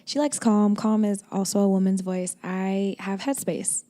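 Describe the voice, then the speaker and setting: A young woman co-hosting a podcast chats casually, acting out little quoted exchanges as she goes. Her mid-range voice is mellow and a little slow.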